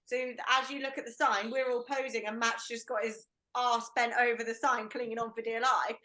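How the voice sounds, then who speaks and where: A woman's voice: fairly high pitch, level tone, normal speed, bright, forceful tone. A woman guest in a casual group chat, teasing her partner and giggling as she tells stories.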